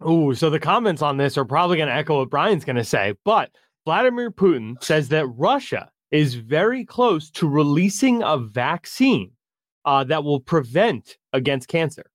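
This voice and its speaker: A man co-hosting a podcast in relaxed, casual chat, often hesitating. His voice is fairly high for a man. The sound is dry and close. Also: normal speed, no echo. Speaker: podcast co-host.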